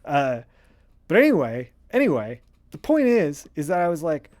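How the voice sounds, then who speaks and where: A man streaming as he colors comic art, chatting casually in a rambling, excitable way with many fillers. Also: on the high side, normal speed. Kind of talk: casual livestream chat.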